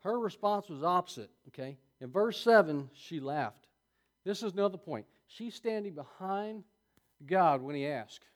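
A man's voice: high-pitched, lively intonation, unhurried. A man preaching a sermon, reading scripture aloud and adding folksy, chuckling asides to his congregation.

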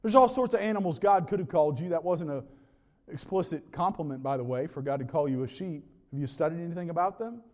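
A pastor delivering a sermon, swinging between loud emphatic lists and quiet, low asides. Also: male voice, fast talker, long reverb tail. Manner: preaching with dramatic rises and drops, repetitive emphatic lists.

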